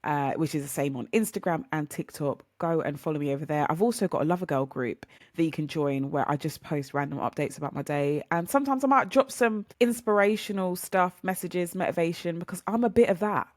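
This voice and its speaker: A woman's voice: deep voice, animated, fairly quick, few pauses, no room sound, studio quality. A young woman hosting a podcast, talking casually and motivationally, chatty and rambling, often speaking straight to her listeners. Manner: chatty, rambling, upbeat, addresses listeners as guys. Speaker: podcast host.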